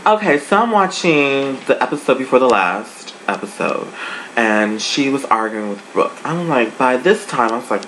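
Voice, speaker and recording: A sassy, dishy adult reviewer talking casually and swooping the voice up and down to make points. The voice sits in an ordinary middle register. A clear hiss of room noise runs under the speech. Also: very animated, normal speed, fairly bright tone, poor audio. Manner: sassy, dishy, big pitch swings. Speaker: online show reviewer.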